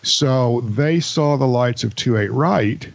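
A man's voice: mid-range voice, takes it slowly, gravelly, no echo, highs cut off. A man co-hosting an aviation podcast, explaining an incident in a casual, hesitant way with many fillers. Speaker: podcast co-host. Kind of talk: casual chat.

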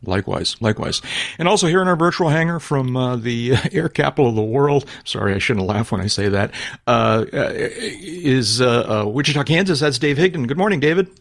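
A man hosting a casual podcast chat from home, talking haltingly with many fillers and restarts. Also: mid-range voice, animated, creaky, no echo, studio quality. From New England. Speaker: podcast host.

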